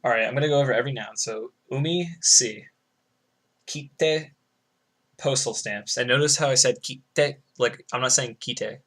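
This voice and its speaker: A young man rambles through casual commentary over a game run, sliding into explanations of Japanese vocabulary. His talk is loose, full of fillers, and sprinkled with swearing, in a voice of ordinary pitch. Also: fairly quick, few pauses, a bit bright. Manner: explaining Japanese words like a student. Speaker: speedrunner.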